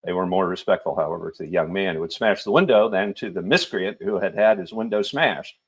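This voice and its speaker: A middle-aged man reading a novel aloud on his show in an unhurried, lightly theatrical way. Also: low voice, slightly rough.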